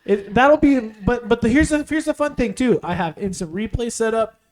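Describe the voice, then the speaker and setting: A man co-hosting a casual podcast, excitedly walking friends through his stream plans, rambling with fillers. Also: very high-pitched, normal speed. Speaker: podcast co-host. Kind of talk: casual chat.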